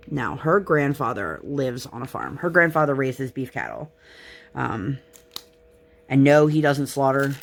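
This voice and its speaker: A young woman chatting casually on her crafting vlog, rambling and self-deprecating as she talks close to the mic. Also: very deep voice. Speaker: crafting vlogger. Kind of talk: casual chat while crafting.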